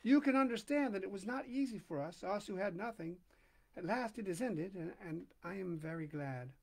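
A man's voice: high-pitched, animated, moderate pace. A man voicing a worn-down, proud working woman in a read-aloud story, speaking in an earnest, plain way.

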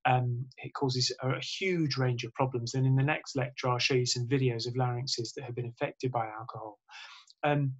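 A man's voice: mid-range voice, steady tone, normal speed, husky, lo-fi sound. A man, a surgeon, giving a spoken lecture in an explanatory way, with frequent fillers and restarts.

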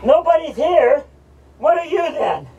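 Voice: high-pitched, very animated, a little slow, creaky, distant mic, muffled recording, very noisy, exaggerated voice. A performer voicing a mocking male madman from hell who hosts a horror rant, taunting and cursing at the listeners. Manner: ranting, taunting, cackling, profane.

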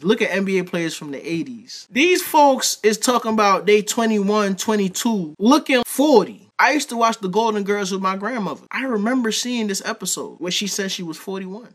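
A man's voice: high voice, animated, a little fast, hardly any pauses, a bit bright. A man with a New York accent giving blunt, roasting reaction commentary. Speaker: commentary host.

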